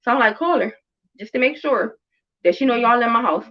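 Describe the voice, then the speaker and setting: A woman around thirty hosts a casual chat and tells a story about parenting. Her voice sits a little high, and the lo-fi recording sounds muffled. She talks bluntly and emphatically, with lots of swearing and repetition. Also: lively intonation, a little fast. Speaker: podcast host and mother.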